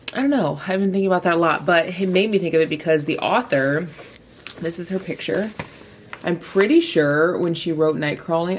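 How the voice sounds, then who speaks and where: A woman's voice: sits low, reverberant. A young woman chatting casually to camera about books, rambling and filler-heavy. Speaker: book vlogger.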